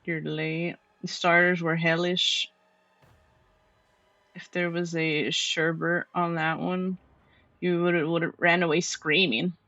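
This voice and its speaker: Bright-voiced male streamer. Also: a little high, level tone, slow pace, no room sound, highs cut off. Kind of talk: casual live-stream chat.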